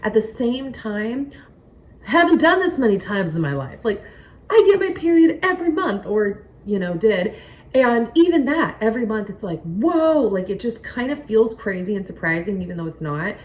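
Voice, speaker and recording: A young woman chatting casually to camera from home in a rambling, excitable way. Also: on the high side, moderate pace. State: pregnant, recovering from nausea. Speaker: vlogger. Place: home, indoors by a window. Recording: somewhat distant mic, faint noise.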